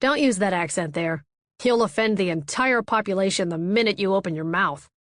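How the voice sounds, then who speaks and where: A woman's voice: medium pitch, fairly quick, no room sound, studio quality, close to an everyday voice. A woman voicing a confident, teasing male artist in an audiobook, with a wry, self-assured delivery.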